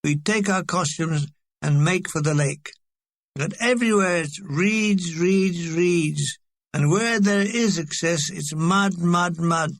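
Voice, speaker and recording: A man's voice: high voice, takes it slowly, dry recording. A man reading a comic memoir aloud with a wry, dry delivery. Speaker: audiobook reader.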